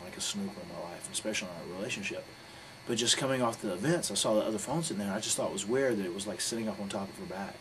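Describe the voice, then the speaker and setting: Man, interview guest, quick delivery, lowish voice, blunt and profane, rambling, noisy background. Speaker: interview guest, pro wrestler. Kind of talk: candid shoot interview storytelling. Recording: steady background noise.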